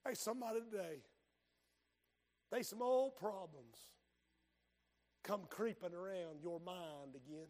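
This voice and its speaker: An older man preaching an impassioned revival sermon and prayer, swinging from hushed tones to shouting, his voice breaking with emotion. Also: high-pitched, lively intonation, measured pace, long pauses.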